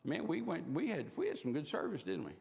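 An older man preaches in a folksy, rambling style, doubling back on his words and chuckling as he tells his stories. His somewhat raised voice has a gravelly rasp. It echoes through a large, reverberant hall. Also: fairly high pitch, wildly swooping pitch, fast talker, darkish tone, some chatter behind. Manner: folksy, stammers and repeats words, chuckles while telling. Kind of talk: storytelling sermon.

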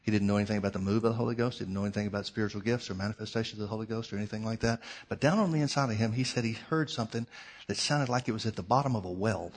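A male preacher telling a story in a sermon, dramatic, swinging between loud outbursts and hushed near-whispers. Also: on the low side, fast talker, husky.

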